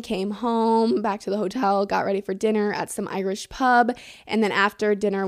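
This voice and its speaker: Teen girl podcast host, chatty rambling storyteller, filler-heavy, casual swearing. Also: mid-range voice. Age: teens.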